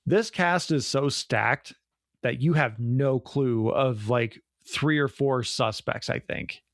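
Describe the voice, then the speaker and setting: A man's voice: medium pitch, slow, fairly bright tone, no room sound, clean studio sound. A young adult man co-hosting a podcast, reviewing a film in casual, rambling chat full of "like". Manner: rambling, enthusiastic, many "like"s. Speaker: podcast co-host.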